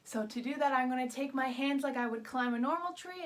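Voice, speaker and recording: A woman's voice: high voice, brisk, few pauses. A young woman leading a children's yoga lesson in an upbeat, sing-song way, coaxing small kids along.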